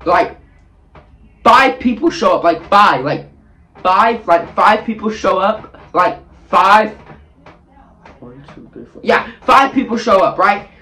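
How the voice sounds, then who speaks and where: A man's voice: high voice, expressive, slow, pauses often, pushed and bright. A man vlogging a dramatic story from his bathroom, acting out scenes with sound effects and voices. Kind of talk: animated storytelling. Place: bathroom, sitting on the toilet.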